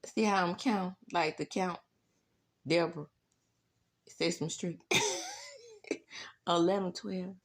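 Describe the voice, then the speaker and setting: A woman hosting her own channel, recapping reality TV in a sassy, animated way. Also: on the low side, slow pace, pauses often. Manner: sassy, animated, says "baby" a lot. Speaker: YouTube recap host.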